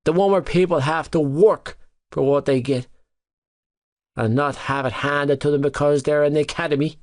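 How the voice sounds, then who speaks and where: A hot-headed teenage boy voiced by a man in an audiobook, pitched noticeably above a grown man's voice. He spits insults and shouts them. The recording is dry and close. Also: fairly even intonation, moderate pace, no room sound, close to an everyday voice. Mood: furious. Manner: shouting, spitting insults, voice cracking. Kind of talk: audiobook character voice.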